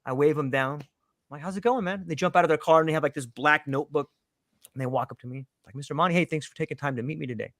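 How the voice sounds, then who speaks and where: A man with a slightly high voice tells a personal story to a panel in casual chat. He is lively and acts out the voices of the people in it. The sound is close and dry. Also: fast talker, dry recording. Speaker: panel guest telling a story.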